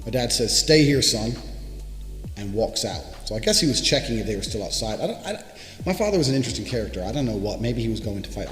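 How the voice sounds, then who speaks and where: Brash, boastful young man, rapid profane pitch to camera; roomy echo, light music bed. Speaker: motivational speaker. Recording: echoey room with long reverb, faint music.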